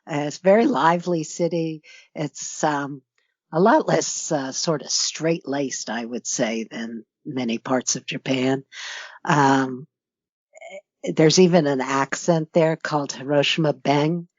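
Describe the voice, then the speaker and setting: A woman's voice: sits low, a little slow, no echo, muffled recording. An older woman from New York with a New York accent, a guest author in a casual interview, talking reflectively and rambling with many fillers.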